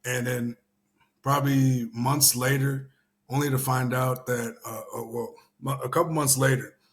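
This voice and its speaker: Man, young adult, from Houston, casual commentary chat, rambling, filler-heavy, swears casually, mid-pitched voice. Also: steady tone, unhurried. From Houston area. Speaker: show host.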